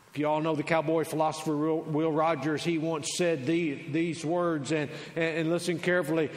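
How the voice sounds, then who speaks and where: A man preaching to a congregation, his fairly high voice ringing through a large sanctuary with a long reverb tail. He moves between loud, emphatic declarations and quiet, conversational asides. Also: flat delivery, a little fast, hardly any pauses. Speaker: pastor. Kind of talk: sermon.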